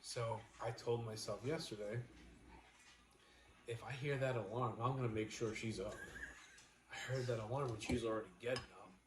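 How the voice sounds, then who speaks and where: A young man chatting casually on a vlog, relaxed and matter-of-fact. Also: mid-range voice, normal speed, pauses often. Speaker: vlogger. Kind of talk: casual chat. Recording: echoey room with background noise.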